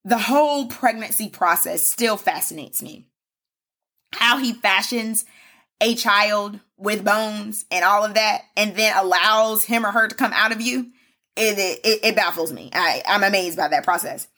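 A woman's voice: medium pitch, unhurried, bright, forceful tone. A woman hosting a solo devotional podcast, preaching fervently in a repetitive cadence and calling listeners "baby" and "y'all". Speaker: podcast host.

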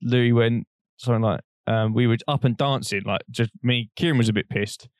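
A man's voice: medium pitch, fairly even intonation, moderate pace, dry recording, studio quality. A young man, co-hosting a podcast and telling a long, rambling story in casual chat, laughing often and swearing freely. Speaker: podcast co-host.

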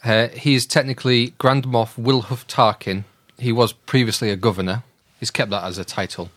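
A man's voice: mid-range voice, fairly even intonation, normal speed, a bit bright, no echo. Man hosting a quiz. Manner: explanatory, teasing. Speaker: quiz host. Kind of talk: casual podcast quiz.

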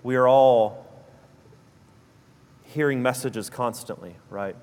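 Southern pastor preaching in a reverberant hall. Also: male voice, medium pitch, takes it slowly, darkish tone. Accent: Southern US (South Alabama). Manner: earnest, repeats key phrases for emphasis. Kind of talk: sermon. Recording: long reverb of a church hall.

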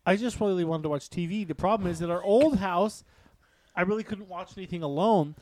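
Man, matter-of-fact casual chat, mellow tone, dry sound. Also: sits high, brisk, no echo. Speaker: podcast co-host.

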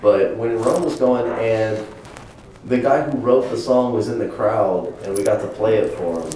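A man who is a producer and bandmate, explaining things in a relaxed way in a casual interview. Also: fairly low pitch, normal speed, distant mic, a little hiss or hum. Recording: roomy echo, off-mic.

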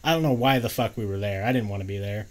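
A man's voice: lowish voice, fast talker. A man hosting a casual chat, laid-back, laughing often and telling loose stories.

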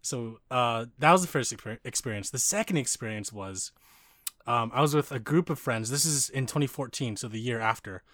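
A young man chats with a listener in a casual storytelling mode, his voice sitting at a mid pitch. He is animated, often breaks into laughter, and slips into other people's voices for quotes. The sound is close and dry, with almost no room around it. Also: brisk, no room sound.

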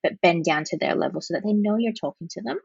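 Husky-voiced woman counsellor, lo-fi. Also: medium pitch, fast talker, dry recording. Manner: explains with demonstrated soothing phrases. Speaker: parenting counsellor guest. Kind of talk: conversational podcast interview.

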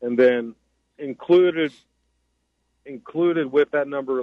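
A man, a sheriff's office major, giving a measured, matter-of-fact update as a guest calling in to a radio show. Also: mid-range voice, steady tone, no echo. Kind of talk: phone-in radio interview. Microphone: phone line. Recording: tinny dry phone line.

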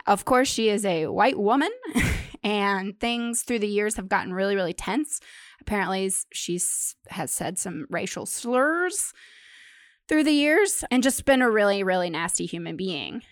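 A woman's voice: medium pitch, expressive, unhurried, no room sound, clean studio sound. A woman co-hosting a comedy podcast in casual chat, telling a story, laughing often and trailing off and restarting. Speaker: podcast co-host.

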